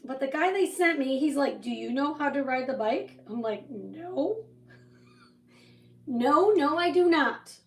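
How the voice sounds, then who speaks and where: A woman's voice: high-pitched, animated, normal speed, few pauses, recorded from a distance. A woman hosting a casual crafting livestream, telling a rambling story with lots of asides while she paints. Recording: roomy echo, voice set back from the mic.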